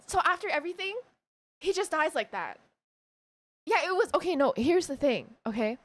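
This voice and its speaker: A woman streamer casually retelling a story to her viewers, animated and emotional, often laughing. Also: high voice, moderate pace, long pauses, slight background noise.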